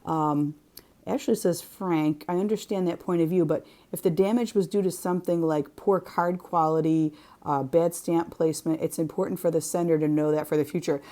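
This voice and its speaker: A middle-aged woman co-hosting a casual crafting chat, reading out viewer comments and telling lively stories. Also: lowish voice, normal speed. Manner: animated storyteller, acts out quoted lines.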